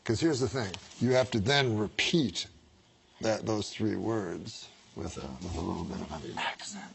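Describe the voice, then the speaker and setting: A man hosting a talk show, teasing his guests and setting up jokes with deadpan delivery and giggles. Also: fairly low pitch, moderate pace, vocal fry, slight background noise. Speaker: host. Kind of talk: casual talk show banter.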